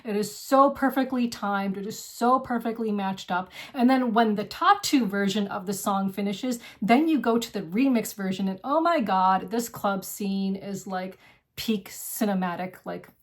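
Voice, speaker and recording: Woman board game vlog host, casual and effusive, talks in rushing "like"-filled gushes. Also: medium pitch. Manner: gushing and effusive, heavy use of "like". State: single, lives alone.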